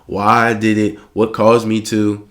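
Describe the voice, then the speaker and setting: A young adult man telling a casual storytime monologue in a profane, slangy, animated way. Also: on the low side, unhurried.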